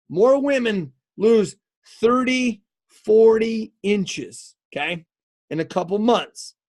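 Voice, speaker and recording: A male fitness coach giving an energetic live coaching talk, emphatic and repetitive, often checking in with "okay?". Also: high-pitched. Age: adult, married eighteen years.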